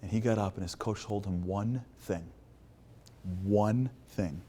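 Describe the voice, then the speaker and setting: Animated male motivational storyteller. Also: fairly low pitch, a little slow, breathy edge. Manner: acts out dialogue, swings from hushed to loud and animated. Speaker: motivational speaker. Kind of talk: storytelling talk to a live audience.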